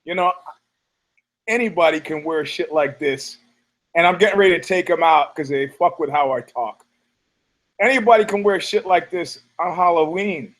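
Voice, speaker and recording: A man's voice: fairly high pitch, fairly bright tone. A man hosting a solo podcast, rambling in a sardonic, profane way with many restarts. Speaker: podcast host. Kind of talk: casual solo podcast monologue.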